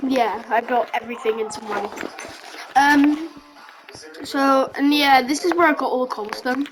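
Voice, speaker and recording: High-voiced rambling gameplay vlogger. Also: female voice, normal speed, slight background noise, rough recording. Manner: rambling, giggly, excitable with many fillers. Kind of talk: casual gameplay commentary.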